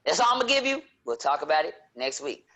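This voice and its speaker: A man hosting a casual nerd-culture podcast, talking animatedly and leaping into excited high notes. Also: fast talker. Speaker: podcast host.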